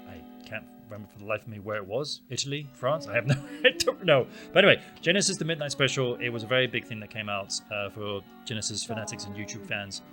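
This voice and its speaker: A man's voice: fairly low pitch, fast talker, few pauses, over music. A man co-hosting a podcast, chatting casually and telling rambling stories with lots of fillers. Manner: rambling, animated storytelling with many fillers. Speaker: podcast co-host. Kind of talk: casual chat. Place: small town in Spain.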